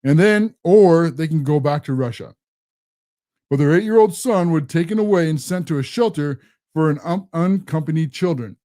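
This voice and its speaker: A man's voice: a little high, animated, moderate pace, mellow. A man hosting a political commentary show, ranting in a combative, sarcastic way. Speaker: host.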